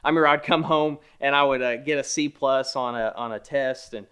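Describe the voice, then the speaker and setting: A man in his thirties preaching a conversational sermon, with joking asides, who swings between hushed and emphatic. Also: medium pitch, fairly even intonation, brisk, smooth. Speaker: pastor. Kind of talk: online sermon.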